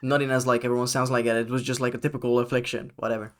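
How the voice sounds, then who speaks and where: A man casually commenting on his gameplay as a streamer, relaxed, chatty and playful. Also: medium pitch, very fast, a little hiss or hum.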